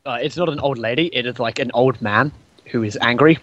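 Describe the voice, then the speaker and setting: A man's voice: medium pitch, brisk, fairly bright tone, dry recording, dull audio. A man acting as game master, narrating a tabletop role-playing game and answering players' questions.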